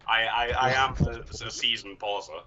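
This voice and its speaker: A man's voice: fairly low pitch, normal speed, lo-fi sound, a crowd in the background. A man running a live script-reading stream, moving from a mock-epic speech into jokey, self-deprecating chat.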